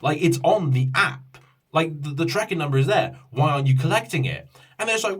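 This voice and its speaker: A man tells a story in a loose, exasperated vlog rant, full of restarts and swearing. His voice is husky and swings widely in pitch as he gets worked up. He sounds a touch distant from the microphone. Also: animated, brisk. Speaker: YouTuber telling a story.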